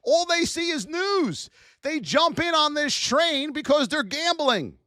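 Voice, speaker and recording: A woman with a high voice that swings widely between highs and lows runs a live trading lesson. She scolds and exclaims at her viewers, taking her time over each point. The sound is close and dry. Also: big pitch swings, slow, bright, forceful tone, no echo. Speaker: trading educator.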